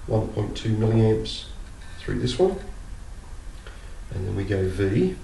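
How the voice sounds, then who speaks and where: An Australian man in a casual electronics tutorial, slowly working through sums aloud and then telling a joke. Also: lowish voice, vocal fry. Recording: roomy, distant, faint background hum.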